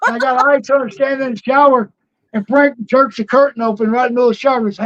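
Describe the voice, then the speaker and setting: A man's voice: very high voice, steady tone, rapid-fire, fairly bright tone, muffled recording. An older man, a former wrestler, telling rambling anecdotes as a guest in a casual interview, laughing often.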